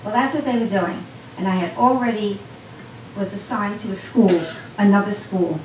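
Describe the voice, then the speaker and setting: A woman's voice: medium pitch, moderate pace, darkish tone, slight background noise. A woman telling a personal story to a live audience in a cafe, talking straight to the crowd in a chatty way. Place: small cafe event. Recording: roomy sound from a distant mic.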